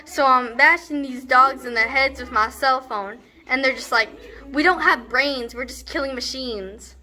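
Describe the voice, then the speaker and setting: A young student actor performs a comedic stage monologue as a brash, scornful teenage girl who rambles through her story. Her high, bright voice is forceful, heavily acted, and unhurried, sounding exasperated. The delivery is sarcastic and rambling, peppered with "like."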